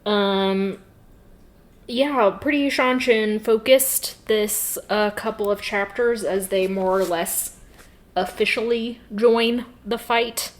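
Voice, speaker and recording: A woman's voice: medium pitch, takes it slowly, low-quality recording. A woman co-hosting a podcast, talking in chatty casual conversation, swearing freely and laughing often. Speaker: podcast co-host. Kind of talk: casual chat.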